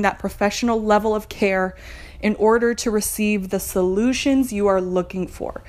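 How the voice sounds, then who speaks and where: A young adult woman hosting a podcast, talking candidly and encouragingly about her own therapy, with light laughs. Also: mid-range voice. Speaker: podcast host. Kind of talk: personal mental health podcast talk.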